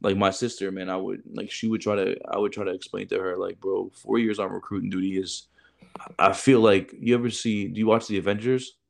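Deep voiced dude just shooting the breeze, swears a ton, bro this bro that. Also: male voice, level tone, fairly quick, vocal fry. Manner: loose, profane, peppered with "bro" and "like". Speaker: podcast co-host, former military recruiter. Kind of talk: casual chat.

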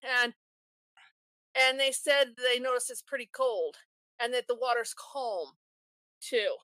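Bright high woman recapping a movie. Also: slow pace, no room sound. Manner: retells scenes step by step with restarts. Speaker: podcast co-host.

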